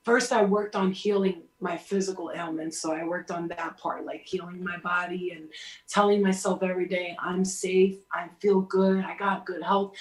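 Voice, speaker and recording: A woman talks through spiritual advice in a blunt, emphatic manner, cursing freely. Her pitch sits in the middle for a woman. The sound carries a roomy echo. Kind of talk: casual spiritual talk.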